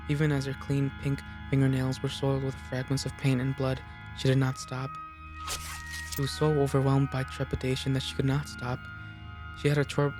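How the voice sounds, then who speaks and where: A man reading a visual novel aloud. His voice stays flat and even, and he stumbles and corrects himself along the way. Quiet music plays faintly behind him. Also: mid-range voice. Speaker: reader.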